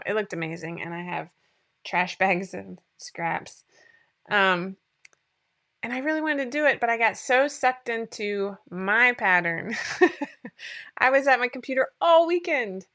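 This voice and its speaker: A woman, hosting a casual livestream chat, rambling and excitable, reading out viewer comments and laughing often. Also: mid-range voice. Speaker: livestream host.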